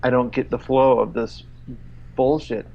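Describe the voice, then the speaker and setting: A man's voice: mid-range voice, little pitch movement, creaky, dull audio. Exasperated man co-hosting a podcast. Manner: exasperated, profane, halting with fillers. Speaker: podcast co-host. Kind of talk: casual podcast chat, reading an email aloud.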